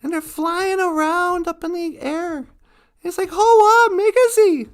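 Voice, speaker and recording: A woman's voice: very high-pitched, steady tone, measured pace, fairly bright tone. A woman telling a folksy animal tale on a live stream, chuckling now and then. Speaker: storyteller.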